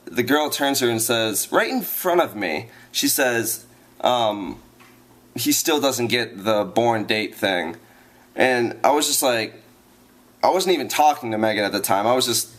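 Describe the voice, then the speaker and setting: A man's voice: medium pitch, a bit bright. Rambling man venting to camera. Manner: rambling, exasperated, repetitive. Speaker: vlogger. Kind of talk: ranting vlog.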